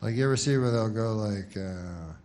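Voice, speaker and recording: A man doing a stand-up comedy set in a small club, talking in a deadpan, rambling way with wry asides. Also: on the low side, moderate pace, a little hiss or hum. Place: small club before a live audience.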